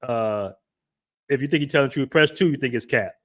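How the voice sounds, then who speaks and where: A man hosting a livestream and reacting in loose, animated commentary, often repeating himself. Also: mid-range voice, brisk. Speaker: livestream host.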